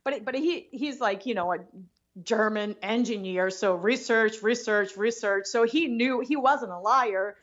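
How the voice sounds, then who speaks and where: Animated woman telling a story. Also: fairly high pitch, a little slow, muffled recording. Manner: animated, with many restarts and repeats. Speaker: interview guest. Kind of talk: casual storytelling.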